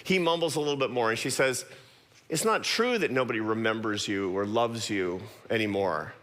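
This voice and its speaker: A middle-aged man giving a talk to an audience, telling a personal story with quick self-deprecating asides. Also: mid-range voice, a bit bright. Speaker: guest speaker. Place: large church auditorium. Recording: long hall reverb.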